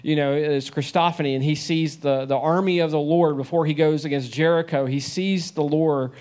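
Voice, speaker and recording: A man's voice: on the high side, steady tone, normal speed, a little mellow. A young man preaching a sermon in a conversational way, often asking the listeners questions.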